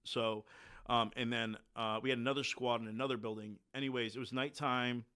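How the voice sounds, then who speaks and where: A man's voice: medium pitch, little pitch movement, brisk, pushed and bright, clear, resonant tone. A man, a military veteran, telling war stories to a podcast host in a blunt, candid way, with lots of filler words. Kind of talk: casual conversational storytelling.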